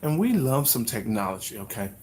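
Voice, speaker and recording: Male livestream host, casual chat, animated, mock-newscaster bits. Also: mid-range voice, a little fast. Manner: animated, playfully mimics news announcements.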